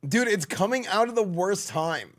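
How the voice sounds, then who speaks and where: A man's voice: high-pitched, expressive, moderate pace. A man streaming live, chatting casually with viewers and laughing often as he reacts to clips.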